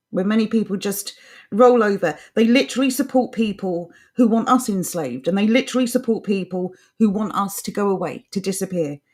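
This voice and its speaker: A woman's voice: mid-range voice, darkish tone. A woman co-hosting a live political talk show, speaking with an impassioned, ranting delivery. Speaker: co-host.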